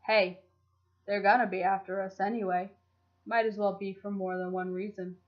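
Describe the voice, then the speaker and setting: A brash male heist gunman, as a woman reading a story puts him on, loud and teasing with a cocky swagger. He sits at a middling pitch on a dull, lo-fi home recording. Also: level tone, moderate pace, lightly acted.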